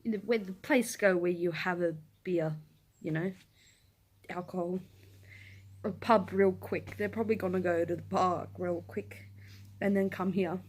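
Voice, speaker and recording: A woman's voice: fairly low pitch, a little slow, pauses often, husky. A young woman telling a story to camera in a casual rant, swearing, laughing and acting out what people said. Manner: animated, swears, breaks into laughter, acts out quotes in shouts. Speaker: vlogger. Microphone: camera in front of her.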